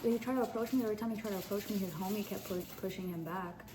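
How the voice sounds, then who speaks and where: A woman telling a storytime to her audience in a blunt, profane, animated way. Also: medium pitch, rapid-fire. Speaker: storytime vlogger. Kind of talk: casual storytime. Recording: background noise.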